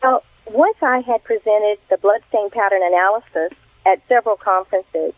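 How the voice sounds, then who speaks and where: A woman's voice: mid-range voice, moderate pace, dry recording. Woman on a tinny phone line. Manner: earnest storytelling, animated. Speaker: retired crime scene investigator, guest. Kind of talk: radio interview by phone.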